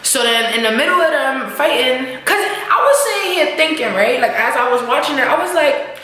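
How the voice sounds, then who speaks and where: A woman's voice: high-pitched, moderate pace. A woman recapping a TV episode in a casual, slangy way, swearing freely and acting out what the characters say. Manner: animated, slangy, swears, acts out characters' lines. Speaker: show recap vlogger. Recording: echoey room.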